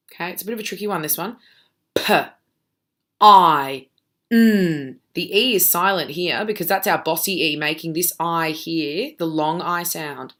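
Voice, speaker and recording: A woman's voice: fairly low pitch, a bit bright. Patient woman sounding out phonics. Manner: patient, sounds out letters slowly, keeps checking with "okay?". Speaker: primary school teacher. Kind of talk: recorded phonics lesson for children.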